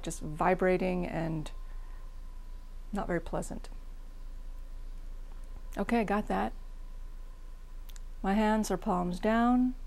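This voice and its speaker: A woman's voice: lowish voice, vocal fry, darkish tone. A middle-aged woman teaching meditation, giving a frank, plain-spoken dharma talk and guided practice with a self-deprecating edge.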